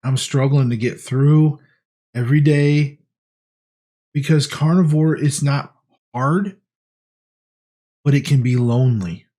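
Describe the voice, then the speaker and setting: A man's voice: mid-range voice, slow pace, long pauses, dark tone. A man talking casually in a diet vlog, earnest and rambling with frequent restarts. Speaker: vlogger.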